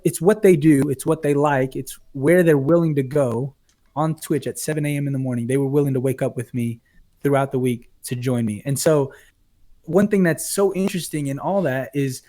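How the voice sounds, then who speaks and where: A man's voice: a little high, moderate pace, dark tone. A man who is a pastor and streamer, a guest on a casual podcast, explaining his views through an example story.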